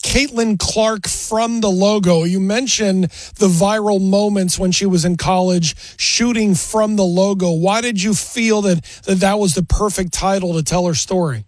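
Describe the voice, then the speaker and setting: A high-pitched man hosting an interview, recorded close with a dry, deadened sound. He introduces his guest, asks straightforward questions, and chimes in with short agreement. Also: fairly even intonation, a little slow, hardly any pauses, no room sound. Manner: brief affirmations, plain questions. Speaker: radio interview host.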